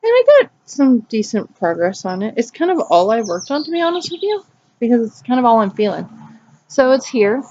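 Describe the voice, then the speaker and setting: A woman's voice: a little high, big pitch swings, a little fast, darkish tone, highs cut off. A woman hosting a casual cross-stitch vlog outdoors in her backyard, chatting loosely and wandering off topic. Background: birds singing.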